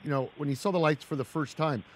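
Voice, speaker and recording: A man's voice: a little high, quick pace, slight background noise. A man hosting a radio interview, asking short follow-up questions. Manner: brief prompts and follow-up questions. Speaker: radio show host.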